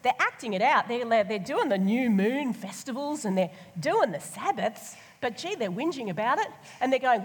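Husky woman preaching in a hall. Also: a little high, moderate pace, few pauses. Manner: lively, colloquial, acts out voices of the people. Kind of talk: sermon. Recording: long hall reverb.

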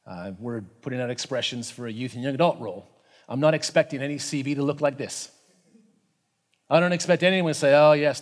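A man preaching a sermon in a conversational, animated way, with frequent asides and fillers. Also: fairly high pitch. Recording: reverberant hall.

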